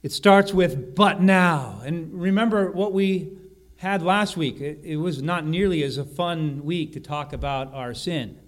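A man preaching a sermon, slowing and rising on key phrases and often correcting himself mid-sentence. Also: on the high side. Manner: emphatic, slows and rises on key phrases, frequent self-corrections. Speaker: pastor.

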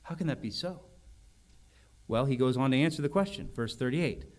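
A man's voice: mid-range voice, animated, normal speed, darkish tone. A man preaching an expository sermon, explaining a Bible passage in an earnest way and repeating key words for emphasis.

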